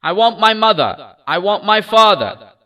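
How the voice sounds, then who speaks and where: A small lost boy from a storybook sobs for his parents, as a male narrator puts him on. The voice is pitched high, shrill and tearful, bright in tone. It sounds a little distant from the mic. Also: animated, unhurried, heavily acted. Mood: wailing. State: crying.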